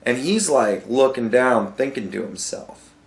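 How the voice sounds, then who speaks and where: A man's voice: medium pitch, lively intonation, a little slow, echoey room. A man hosting a podcast, telling a story in a casual, profane rant and reacting with disbelief. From United States. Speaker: podcast host. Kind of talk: casual ranting monologue.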